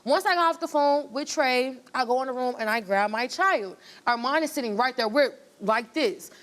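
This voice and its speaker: A woman's voice: high-pitched, moderate pace. A woman, a talk show guest, telling her story with feeling and acting out the quoted voices. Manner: animated, acts out quoted voices.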